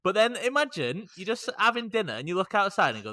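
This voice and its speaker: Animated, sweary man, bright voice. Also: sits high, fast talker, dry recording, studio quality. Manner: animated, swears freely, acts out silly voices. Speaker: podcast co-host. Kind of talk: casual banter.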